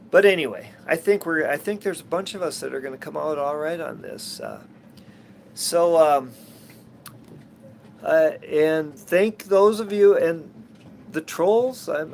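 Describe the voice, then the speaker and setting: A man reading tarot cards on a livestream, talking in a halting way with many restarts and fillers, and turning scornful at times. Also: on the high side, slight background noise. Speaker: tarot reader and channel host.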